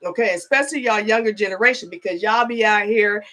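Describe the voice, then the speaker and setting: A woman's voice: medium pitch, quick pace, bright, forceful tone. A middle-aged woman telling a story in a casual vlog, chatty and full of "okay?" and "you know". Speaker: spiritual advisor.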